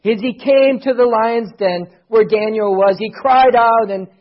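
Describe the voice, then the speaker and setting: Man, pastor, sermon, husky voice, muffled lo-fi recording. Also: sits high, a little slow. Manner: preaching with rising and falling intensity, reading scripture aloud.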